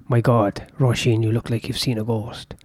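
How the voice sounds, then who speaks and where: Brief: man doing stoic farmer husband, middle-aged, curt and gruff, emotions buried. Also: mid-range voice, little pitch movement, normal speed, darkish tone, no echo, close to an everyday voice.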